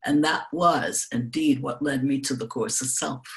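Older woman telling gentle, reflective stories. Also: extremely low pitch, normal speed. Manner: gentle, reflective storytelling with soft laughs. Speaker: guest speaker. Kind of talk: recorded interview answers.

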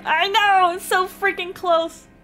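A young woman commenting live on her own gameplay, excitable, with frequent yelps and laughs. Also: extremely high pitch, takes it slowly. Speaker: streamer playing a game. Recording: game music playing behind.

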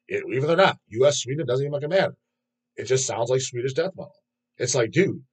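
A man with a husky, slightly raspy voice at an ordinary middle pitch rants to his channel's viewers. His delivery is blunt, and he swears through nearly every sentence. It has the loose, unscripted feel of a casual vlog. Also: low-quality recording. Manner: blunt, profane, opinionated. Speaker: metal channel host. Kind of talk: casual rant to camera.

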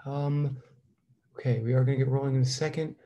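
A man's voice: medium pitch, steady tone, fairly quick, mellow, muffled recording, slight background noise. A man teaching a physics class online, rambling with lots of fillers and corny jokes between greetings to students. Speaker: physics professor. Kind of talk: casual online lecture.

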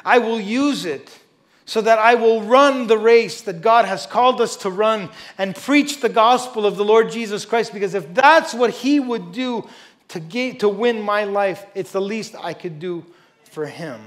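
A pastor preaching a sermon and reading scripture aloud, emphatic, moving between loud stresses and quiet asides, with conversational "you know" remarks. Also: male voice, high voice, expressive, measured pace. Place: church service before a congregation.

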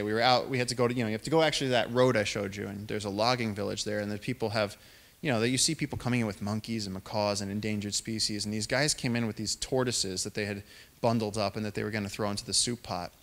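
A man in his thirties, a naturalist giving a public talk, telling stories in an animated way and acting out quoted voices. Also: fairly low pitch. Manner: animated storyteller, acts out quotes in raised voices. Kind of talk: storytelling lecture.

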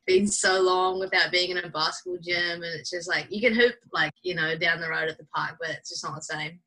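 A woman's voice: fairly low pitch, fairly even intonation, brisk, sharp tone, low-quality recording. A young New woman, a basketball player, chatting eagerly and with a giggle. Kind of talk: casual chat.

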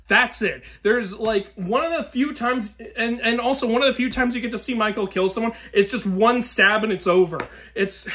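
A young man giving a ranting movie review, exasperated and swearing, swinging between loud outbursts and weary sighs. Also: very high-pitched.

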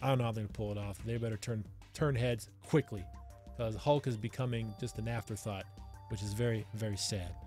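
A man's voice: on the low side, fairly even intonation, a little fast, darkish tone, faint music behind. A man hosting a movie review channel, talking casually and enthusiastically straight to his viewers and often checking in with "right?".

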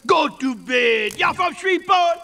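An actor with a Cajun accent voicing a friendly, chatty man from the bayou in an animated film. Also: extremely high pitch, unhurried, creaky, full character voice. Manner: folksy, chatty.

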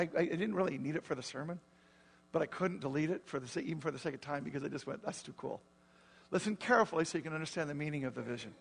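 A man preaching a sermon as pastor, explaining scripture in an animated, conversational way with frequent questions to the congregation. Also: on the high side, vocal fry. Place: church.

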